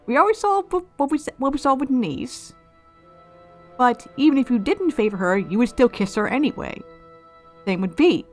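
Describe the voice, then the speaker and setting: A woman's voice: high voice, lively intonation, normal speed, soft background music. A woman hosting a let's play, musing aloud and speculating in casual gameplay commentary, often restarting her phrases.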